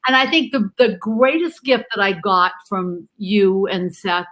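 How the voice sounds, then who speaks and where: A woman chatting as a guest over a video call from home, animated and affectionate, calling people dear and love. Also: mid-range voice, unhurried, rough recording. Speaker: guest on a livestream talk show. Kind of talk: casual video-call chat. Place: home in Canada.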